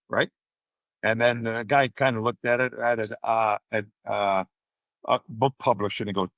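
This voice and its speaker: An older man speaks at a medium pitch with a noticeably gravelly, creaky edge. He tells anecdotes in a casual podcast interview, acting out the people he quotes. The recording is close and dry. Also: steady tone, moderate pace, fairly bright tone, no room sound. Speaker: podcast guest, speaker and coach.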